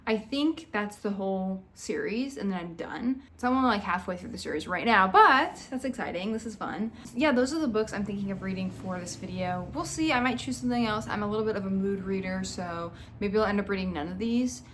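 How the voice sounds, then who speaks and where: A woman's voice: mid-range voice, animated, fairly quick, few pauses, a bit bright, slight background noise. A young woman chatting casually about books she plans to read and ranting about characters, filling her talk with "like". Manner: chatty, lots of "like", ranting and exasperated in the clip. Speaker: book vlogger. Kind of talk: casual reading vlog chat. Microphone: phone propped up.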